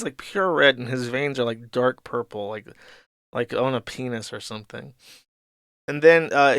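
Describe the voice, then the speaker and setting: A man in his thirties hosts a podcast, rambling through a comic in casual, profane commentary punctuated by laughing asides. His voice is smooth and clear at a middling pitch. The recording is dry and close, with no room echo. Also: fairly bright tone. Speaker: podcast host.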